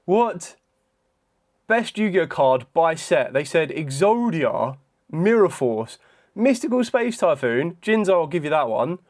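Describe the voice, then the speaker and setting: Young male streamer, slightly high voice, slow hesitant delivery, casual think-aloud chat. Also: sing-song, a little mellow. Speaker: live streamer. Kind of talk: casual live-stream chat during a trivia quiz.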